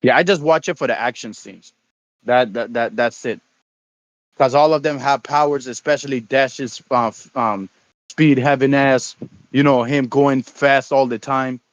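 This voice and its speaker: A man rambles through casual stream chat, stopping and restarting often, in a mid-pitched voice. His mic sounds a little dull and dry, with no room echo. He keeps talking at a relaxed, conversational level. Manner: rambling, halting, repeats words. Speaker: stream co-host.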